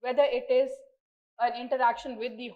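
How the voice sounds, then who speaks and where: A woman's voice: fairly high pitch, little pitch movement, a little fast, dull audio. Indian woman giving a medical lecture. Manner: earnest, explanatory, stresses key words by repeating them. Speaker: doctor giving a conference lecture.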